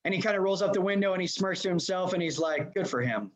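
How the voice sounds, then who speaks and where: Energetic man coaching over a video call. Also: high voice, fast talker. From Los Angeles. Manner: energetic, addresses audience directly. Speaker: leadership coach. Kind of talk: motivational seminar talk. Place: remote presentation to a live room.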